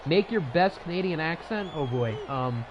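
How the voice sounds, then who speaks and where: A man's voice: a little high, lively intonation, moderate pace, dull audio, noisy background. A man casually commentating a video game football league on a live stream, rambling into chatty asides between plays.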